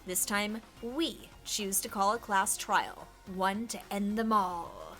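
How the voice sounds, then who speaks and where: A woman's voice: medium pitch, takes it slowly, pushed and bright, faint music behind. A woman streamer reading a game's dialogue aloud dramatically, joking and laughing along. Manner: playful, laughs often, reads lines dramatically.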